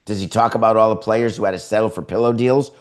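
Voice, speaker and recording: Sarcastic, low-voiced male sports talk host. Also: quick pace. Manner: sarcastic, opinionated, animated. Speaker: podcast host.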